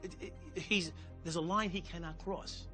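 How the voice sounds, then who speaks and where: A man's voice: on the high side, steady tone, normal speed, bright, forceful tone, faint music behind. A man who is a former police officer, bluntly recounting events in a documentary interview and swearing heavily. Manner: blunt, heavy swearing, reenacts confrontations.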